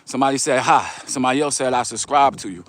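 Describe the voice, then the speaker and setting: A middle-aged man with a New York accent talks casually into a phone as he walks down a street outdoors. He reads viewer comments aloud and answers them in relaxed, streetwise slang, in a voice of ordinary middle pitch. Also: fast, a little hiss or hum. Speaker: vlogger reading live chat. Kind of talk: casual livestream chat while walking.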